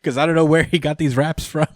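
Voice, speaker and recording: A man's voice: a little high, steady tone, brisk, dry recording, clean studio sound. A man co-hosting a podcast, casually recapping a comic with fillers and jokey quoted voices. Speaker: podcast co-host.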